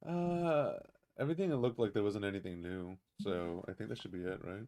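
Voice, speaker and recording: A man's voice: fairly low pitch, moderate pace, dark tone, a little hiss or hum. A man casually commenting on a game he is playing on a stream. He talks in a rambling, offhand way.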